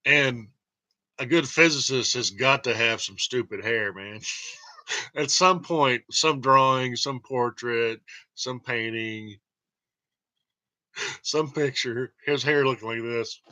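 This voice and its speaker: A man's voice: medium pitch, takes it slowly, long pauses, bright, forceful tone, dry recording. A man telling a rambling, jokey monologue to camera and laughing often. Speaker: vlogger.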